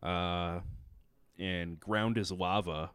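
Low smooth-voiced man, halting. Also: fairly even intonation, fairly bright tone, no echo. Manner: halting, many fillers and restarts. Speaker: podcast guest musician. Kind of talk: casual chat.

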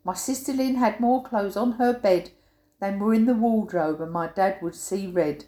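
An older Englishwoman, a poet, reads her own funny rhyming poem aloud in a warm, steady, medium-pitched voice at a moderate pace. She gives the quoted sayings a playful, punchy emphasis, and the recording has a roomy echo.

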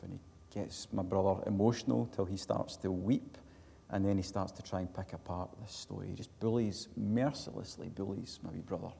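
A Scottish man preaching a sermon, telling an earnest personal story that swells to loud emphatic peaks and sinks back to quiet. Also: deep voice, fairly even intonation, moderate pace, vocal fry. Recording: long hall reverb.

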